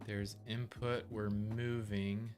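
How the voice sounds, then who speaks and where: A man streaming his game development, thinking aloud in a relaxed, casual way while he tests things. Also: on the low side, slow, soft background music. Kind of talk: casual livestream commentary.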